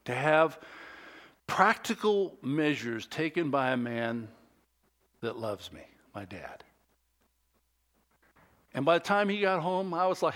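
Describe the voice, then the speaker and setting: A middle-aged male pastor delivering a sermon, shifting between animated, raised preaching and a quiet, intimate storytelling voice. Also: on the high side, a little slow, pauses often.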